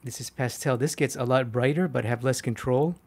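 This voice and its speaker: Man, art instructor on a live stream; chatty, animated, self-mocking, filler-heavy. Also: mid-range voice, brisk, creaky, slightly rough. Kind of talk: live-stream drawing demo, answering chat.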